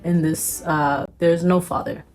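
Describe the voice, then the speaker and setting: A young woman reads her old writing aloud and laughs at herself between lines. Her voice sits a little low for a woman, and soft music plays behind her. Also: steady tone, unhurried. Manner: giggly, self-mocking. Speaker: webcomic artist and host. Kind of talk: reading aloud with commentary.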